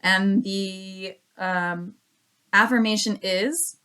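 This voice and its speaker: A woman doing a casual oracle card reading for her viewers, chatty and repeating each affirmation slowly. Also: mid-range voice, animated, a bit bright. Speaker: card reader.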